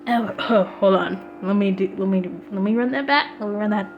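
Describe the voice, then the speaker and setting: A woman's voice: mid-range voice, a little fast, muffled recording. A woman gushing and laughing as she comments on the game she is playing. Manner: gushing, excitable, laughs often. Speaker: let's play gamer. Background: game music.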